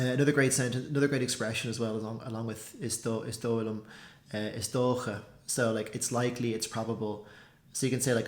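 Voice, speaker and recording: Chatty man teaching language. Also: medium pitch. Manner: chatty, loose, lots of fillers. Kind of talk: casual explainer commentary. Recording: roomy echo.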